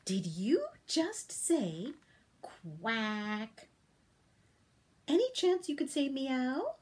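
A woman's voice: high-pitched, wildly swooping pitch, slow pace, mellow. A woman leading a toddler storytime, reading a picture book aloud and leading rhymes in a playful sing-song way. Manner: sing-song and playful, with big animal sounds. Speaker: children's librarian hosting toddler storytime.

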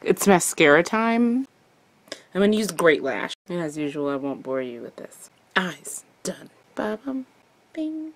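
Low-voiced and unhurried, this young adult beauty vlogger talks through a makeup tutorial in a playful, chatty, casual way, adding small sound effects as she goes.

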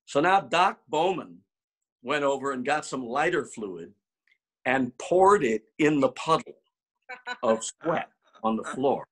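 A man, a former ballplayer, telling an animated clubhouse story, acting out the quotes and stumbling over repeated words when excited. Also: mid-range voice, slow pace, long pauses, breathy edge. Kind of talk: anecdotal storytelling.

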